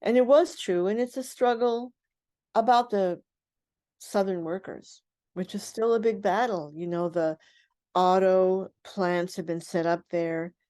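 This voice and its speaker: An older woman who is a guest on a radio interview, recounting her past in an animated way and acting out the voices of people she quotes. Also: medium pitch, measured pace. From United States.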